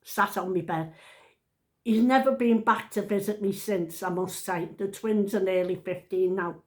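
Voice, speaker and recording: A woman's voice: medium pitch, normal speed, darkish tone. An older woman with a Liverpool accent, telling a family story in a chatty, rambling, homely way. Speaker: vlogger. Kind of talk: casual storytelling.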